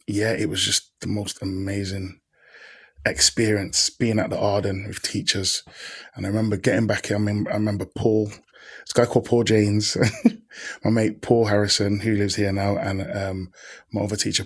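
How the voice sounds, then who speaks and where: A husky, low-voiced man, a podcast guest sharing stories in an easy, conversational way. He talks in slang and brings the people in his stories to life by voicing them. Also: normal speed. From Birmingham, England. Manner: animated, slangy storyteller who acts out quoted people. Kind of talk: casual interview storytelling.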